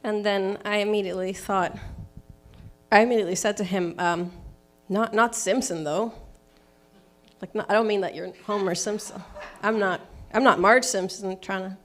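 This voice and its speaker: A woman's voice: mid-range voice, steady tone, normal speed. A woman doing a stand-up set on a live stage, hesitant and awkward with many ums. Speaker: stand-up comic. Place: live comedy venue stage.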